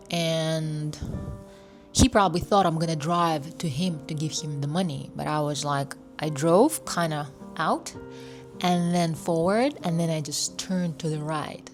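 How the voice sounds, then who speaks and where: Chatty woman vlogger telling a travel story. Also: sits low. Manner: animated, acts out voices of people she met. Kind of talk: casual storytelling vlog.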